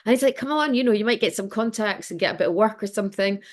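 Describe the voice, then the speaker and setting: Chatty Scottish woman telling stories. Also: mid-range voice. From Scotland. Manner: chatty, self-mocking storyteller, quick to laugh. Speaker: guest. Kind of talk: casual podcast interview.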